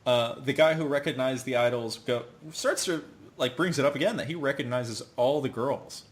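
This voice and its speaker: A podcast host with a medium-pitched voice and moderate pace casually recaps an anime episode, rambling with fillers, laughing often and acting out the characters' lines.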